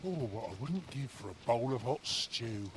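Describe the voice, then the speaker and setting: A man's voice: mid-range voice, lively intonation, moderate pace, close to an everyday voice. An actor playing a chatty male travelling companion in a video game, with old-fashioned phrasing.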